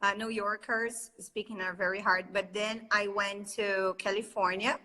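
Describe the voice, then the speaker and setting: A woman's voice: mid-range voice, flat delivery, a little slow, sharp tone, low-quality recording. A Brazilian woman speaking English as her second language with a Brazilian accent, hosting a casual live chat as an English teacher. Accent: Brazilian Portuguese. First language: Portuguese.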